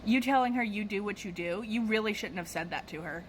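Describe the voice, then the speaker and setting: A woman voicing a woman shopper who quickly lectures the cashier about being rude. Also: medium pitch, slight background noise, close to an everyday voice, rough recording. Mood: scolding. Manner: quick, lecturing, mildly scolding. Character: reproachful woman shopper next in line.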